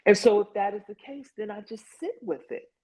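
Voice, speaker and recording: A woman's voice: medium pitch, brisk, mellow, slightly rough. A woman guiding an online support group, talking in an earnest, conversational way over a video call. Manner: conversational, earnest, lots of "like" and "you know". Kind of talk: guided online group session. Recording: dull lo-fi video call audio.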